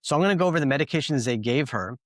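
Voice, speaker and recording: Male podcast host, casual and rambling, animated when telling stories, dry sound. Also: mid-range voice, very fast, no echo. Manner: rambling, filler-heavy, animated storytelling.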